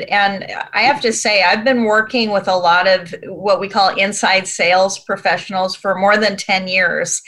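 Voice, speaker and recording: A woman's voice: medium pitch, a bit bright. A woman speaking as a panel guest on a talk show, thoughtful and loose in her phrasing. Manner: thoughtful, loose with fillers and restarts. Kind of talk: casual discussion.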